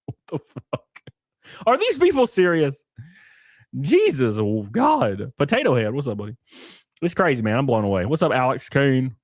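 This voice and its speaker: A man's voice: mid-range voice, a little slow, pauses often, no room sound, studio quality. A man hosting a live stream, ranting with lots of swearing and reading out viewer chat messages. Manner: profane, animated ranting; reads viewer chat aloud.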